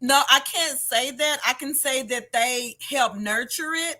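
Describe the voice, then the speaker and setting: A woman chef telling stories from her childhood in a lively, casual chat, laughing often and acting out the people in them. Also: sits high, unhurried. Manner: animated storyteller, laughs often, acts out voices. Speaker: guest chef. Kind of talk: casual storytelling interview.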